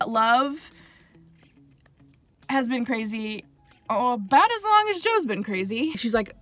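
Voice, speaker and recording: A woman's voice: a little high, animated, slow pace, pauses often, fairly bright tone. Chatty young woman recapping a series. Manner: chatty, fillers like "like", dramatic asides. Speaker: TV show reviewer. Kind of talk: casual spoiler recap.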